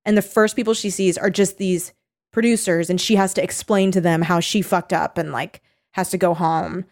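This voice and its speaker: A woman in casual conversation, retelling a story with lots of fillers and acting out quotes in high voices. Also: steady tone, normal speed, a little mellow. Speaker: co-host recounting a reality show. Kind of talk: casual chat.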